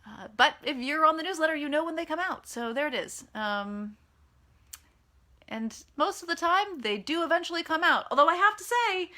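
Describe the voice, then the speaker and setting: A chatty American woman author answers reader questions in a loose live Q&A. Her voice sits a little high and sounds bright and forceful, and she stays frank and self-deprecating throughout. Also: expressive, normal speed. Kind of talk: casual live Q&A chat. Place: at home in California.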